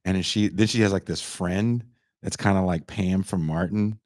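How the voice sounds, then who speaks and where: A man's voice: low voice, fairly even intonation, darkish tone, dry recording, studio quality. A young man hosting a podcast, retelling a film's plot in a profane, sarcastic way and briefly acting out the characters. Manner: profane, sarcastic, acts out characters in quick voices. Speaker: podcast host reviewing a film. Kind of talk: casual comedic retelling.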